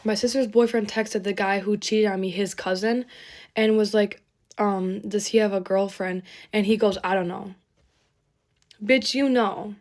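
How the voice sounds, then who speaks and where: A woman's voice: medium pitch, flat delivery, normal speed, darkish tone. A young woman telling a rambling, emotional get-ready-with-me storytime, swearing freely. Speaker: storytime creator.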